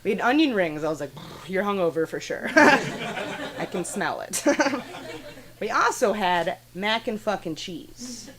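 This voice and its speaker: A woman's voice: medium pitch, very animated, takes it slowly, a bit bright. A young woman doing a stand-up comedy set on a small studio stage, brash and profane, laughing at her own jokes. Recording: live audience clearly audible.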